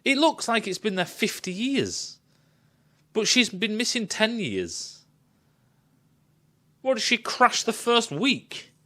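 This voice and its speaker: A man's voice: high-pitched, big pitch swings, slow pace, pauses often, bright, forceful tone. A man giving a sweary, sarcastic rant reviewing a film.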